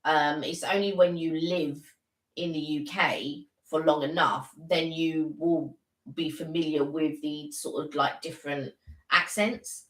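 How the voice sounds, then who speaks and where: A woman co-hosting a live stream in casual chat, thinking aloud and sometimes slipping into halting French. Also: low voice, fairly even intonation. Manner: chatty, thinks aloud while talking; switches into halting French at times. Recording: echoey room.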